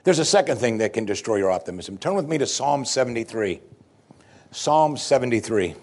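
A man's voice: medium pitch, animated, fairly quick. A man preaching a sermon, reading scripture dramatically and explaining it to the congregation. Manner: dramatic scripture reading, rising loud for the psalmist's lament.

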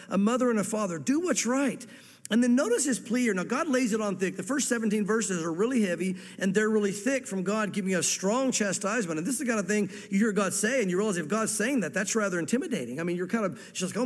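Man, pastor, fervent sermon, high voice, long hall reverb. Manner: fervent preacher, repeats words and quotes scripture with emphasis.

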